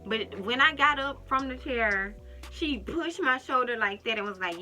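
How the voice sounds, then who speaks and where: A woman vlogger telling a story to the camera in a casual, animated way, speaking straight to her viewers. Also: on the high side, normal speed. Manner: animated, talks straight to viewers, acts out quotes.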